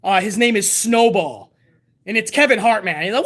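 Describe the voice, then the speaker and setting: A man's voice: high-pitched, brisk, a bit bright. Profane, laid-back male stream host. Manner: profane, laid-back banter, reading viewer messages. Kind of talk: casual live-stream chat.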